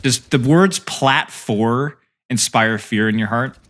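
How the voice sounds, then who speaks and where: A man's voice: medium pitch, takes it slowly, a bit bright. A young man coaching a player through game footage, trading playful banter with his stream chat between tips.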